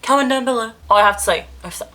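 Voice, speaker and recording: A young woman talks straight to her viewers in a loose, rambling vlog, frank and quick to poke fun at herself. Her voice is bright and clear. She sounds moved throughout, close to tears. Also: a little high. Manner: candid, rambling and self-deprecating. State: emotional, near tears. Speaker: vlogger. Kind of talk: casual vlog monologue.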